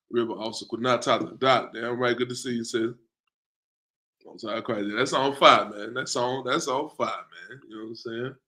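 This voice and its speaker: A man's voice: medium pitch, pushed and bright, poor audio. A man hosting an online class in a loose, casual way, often tacking on "man" and "you know what I'm saying". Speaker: class host.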